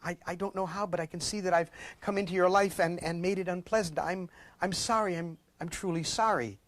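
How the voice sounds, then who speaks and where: Sosok wanita muda lembut yang meminta maaf sambil tergagap, dibawakan seorang pria pembaca cerita, suara agak tinggi. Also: male voice, high voice, no room sound, lightly acted. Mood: sorrowful. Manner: halting, stammering apology. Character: gentle apologetic young woman, lover.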